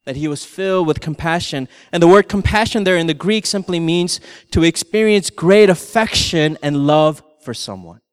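A middle-aged male pastor telling a family story in a sermon, animated and laughing through his anecdotes. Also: a little high, normal speed, hardly any pauses, clean tone, in a large hall.

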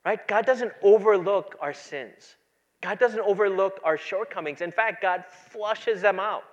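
A pastor preaching a sermon, moving between quiet, low asides and loud, emphatic passages. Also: male voice, unhurried, highs cut off.

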